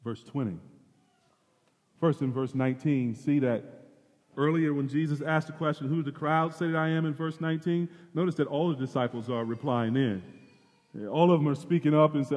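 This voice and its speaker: A man preaching a sermon as pastor, moving between loud emphasis and hushed, drawn-out phrases. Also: fairly high pitch, fairly even intonation, long reverb tail.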